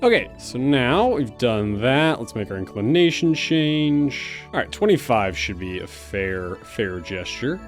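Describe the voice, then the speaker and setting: A young man giving excitable let's-play commentary as he plays, talking to himself and his viewers, often stammering and restarting his sentences. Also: mid-range voice, a little slow, faint music behind. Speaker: gaming YouTuber.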